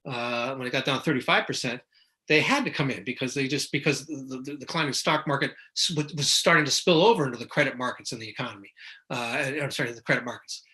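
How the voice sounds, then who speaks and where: A man's voice: fairly high pitch, sharp tone. A middle-aged man who is a market analyst, talking casually and rambling, with many restarts and self-corrections, now and then mimicking panicked investors. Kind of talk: casual explanatory talk.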